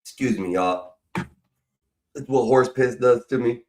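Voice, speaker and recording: A man with a drawl rambles through a casual livestream chat, cursing freely as he sips a drink. His voice sits at an ordinary middle pitch, loose and conversational. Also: a little slow, a little mellow, poor audio. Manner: profane, rambling, drinking while talking. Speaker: stream host.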